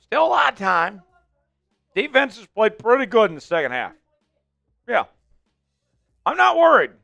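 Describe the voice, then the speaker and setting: A man hosting a live fan stream of a football game, chatting with viewers and calling plays with excited hype. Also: high-pitched, normal speed, creaky, dry recording, lo-fi sound, faint music behind. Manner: excitable, hypes up chat viewers. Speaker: fan livestream host. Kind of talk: live game watch-along chat.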